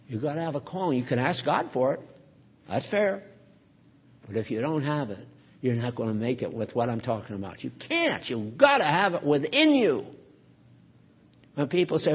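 Male preacher, husky, raised voice, earnest sermon delivery, dull recording. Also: a little high, very animated, normal speed, pauses often. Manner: earnest, emphatic, swings loud and soft.

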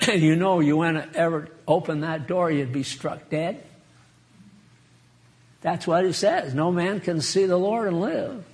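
A man's voice: a little high, measured pace, long pauses. A man preaching an informal sermon in a chatty, folksy way, laughing and speaking to listeners by name.

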